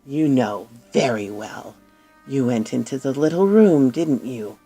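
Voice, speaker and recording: A woman voicing a menacing nobleman who murders his wives, speaking in a deep, hoarse voice with slow, threatening delivery. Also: lively intonation, mellow, soft background music. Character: menacing nobleman wife-killer, cold and threatening. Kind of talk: storybook narration with acted voices.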